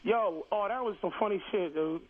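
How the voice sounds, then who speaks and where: A man's voice: high voice, moderate pace, a loud crowd. A comedian calling in to a radio show, insistently retelling his side of a story and cutting in. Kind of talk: heated radio argument. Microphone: phone line. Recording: telephone call on the radio.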